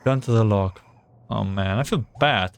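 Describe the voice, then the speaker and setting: A man's voice: lowish voice, moderate pace, creaky, noisy background. A man streaming a game, reading the dialogue aloud and reacting with anxious groans between lines.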